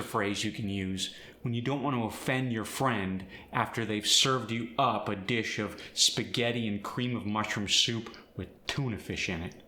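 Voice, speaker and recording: A man's voice: fairly low pitch, normal speed, bright, forceful tone, reverberant. A man teaching an accent, explaining sounds and demonstrating example phrases. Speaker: accent coach. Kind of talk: scripted accent lesson.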